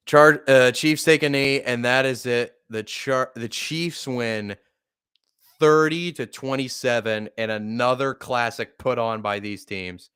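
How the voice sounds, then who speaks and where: A man hosting a live fan play-by-play stream, calling the game casually and swearing freely, with big jumps in excitement. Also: mid-range voice, measured pace, clean tone. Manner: excitable, profane, shouting when upset. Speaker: sports podcast host.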